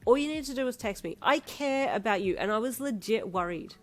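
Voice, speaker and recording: A woman voicing a worried young girlfriend who snaps sharply and loudly in a fan fiction audio story. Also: a little high, lively intonation, fairly quick, pitched above the performer's own voice, lightly acted. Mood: hurt. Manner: sharp, loud, snapping.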